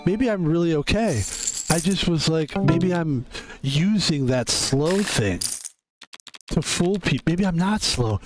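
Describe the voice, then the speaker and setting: Rambling, profane, fairly high-voiced man. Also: background noise. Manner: rambling and profane, heavy use of filler words. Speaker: streamer and security guard. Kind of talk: casual stream chat.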